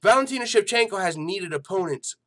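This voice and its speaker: A man's voice: sits high, animated, brisk, a bit bright. A man hosting an MMA news channel in casual chat, swearing freely and laughing often. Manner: loose and profane, laughs a lot, lots of fillers.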